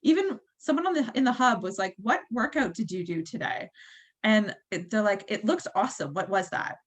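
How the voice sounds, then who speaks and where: A woman's voice: medium pitch, animated, normal speed, breathy edge. Woman, 30s, team leader on a call; chatty, encouraging, lots of fillers.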